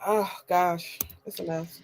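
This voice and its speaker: A woman's voice: lowish voice, fairly even intonation, takes it slowly, a little mellow, a little hiss or hum. A woman hosting a reaction video, chatty and exasperated as she comments and reads viewer comments aloud. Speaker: reaction channel host.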